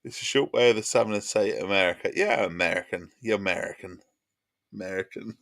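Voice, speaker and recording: A man with an Essex accent streaming a racing game, chatty, rambling and quick to laugh at himself. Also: lowish voice. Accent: Essex English. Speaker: gaming streamer. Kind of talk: casual chat while gaming. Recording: loud game noise behind voice. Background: racing game engine sounds.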